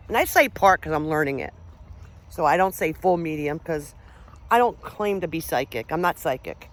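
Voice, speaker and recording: Woman rambling on a trail vlog, chatty, keeps getting sidetracked, swears a bit. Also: sits low. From Pennsylvania, USA. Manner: chatty, rambling, easily distracted, swears casually. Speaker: paranormal vlogger. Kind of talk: casual walking vlog. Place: outdoors on a park trail.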